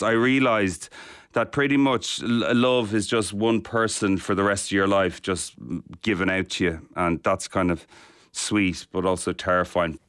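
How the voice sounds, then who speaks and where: A man's voice: lowish voice, a bit bright, clear, resonant tone, dry recording, clean studio sound. A middle-aged man telling a self-deprecating, jokey anecdote on radio. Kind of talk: anecdotal storytelling.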